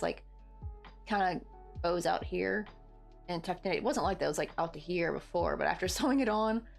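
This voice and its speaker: A woman in her thirties hosts a crochet livestream, chatting in a casual, rambling way with lots of fillers and easy laughs. Her voice is lowish, with vocal fry.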